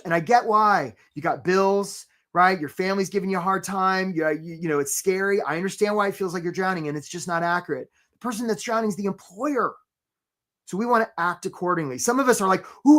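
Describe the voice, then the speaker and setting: A man's voice: sits high, bright, forceful tone. A man hosting a live career webinar, talking in an upbeat, conversational way, greeting attendees by name and often asking "right?". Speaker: webinar host and career coach.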